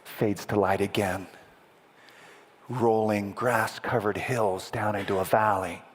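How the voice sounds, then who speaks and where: A man preaching a sermon as vivid storytelling, dramatic and playful with the congregation, building to loud peaks and dropping to a whisper. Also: on the low side, fairly even intonation, slow pace. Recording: echoey hall with long reverb.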